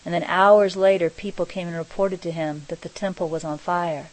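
A middle-aged woman giving a reflective spiritual talk, speaking slowly and softly with many pauses. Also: fairly low pitch, steady tone, rough recording. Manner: slow, soft, pausing and searching for words. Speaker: spiritual teacher.

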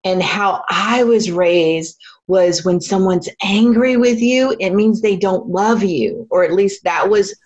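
A woman's voice: mid-range voice, takes it slowly. Earnest woman on a dull lo-fi line. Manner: earnest and excitable. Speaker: group participant. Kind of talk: personal sharing in a group. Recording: dull lo-fi sound.

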